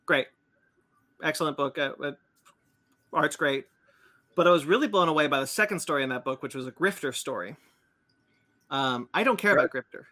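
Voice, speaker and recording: A man's voice: a little high, a little fast, pauses often, bright, forceful tone. A man hosting a casual podcast chat, rambling with many fillers and restarts. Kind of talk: casual chat about comics and cartoons.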